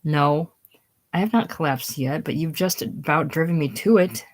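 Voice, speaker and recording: A high-strung, romantic woman schoolteacher, read by a woman in a casual play reading, breathless and theatrical. The voice sits low and deep for a woman. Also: moderate pace, poor audio. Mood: indignant.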